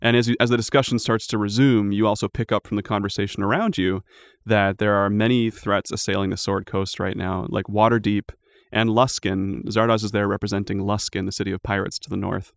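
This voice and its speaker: A man narrating a tabletop game as game master, relaxed and loose, with plenty of fillers along the way. His voice sits low with a gravelly fry, and the recording is dry and close. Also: brisk, few pauses, no room sound.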